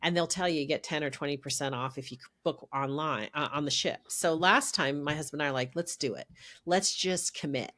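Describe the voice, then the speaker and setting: A middle-aged woman, a podcast guest, telling a story in a lively, casual way and laughing as she goes. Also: sits low, fairly quick.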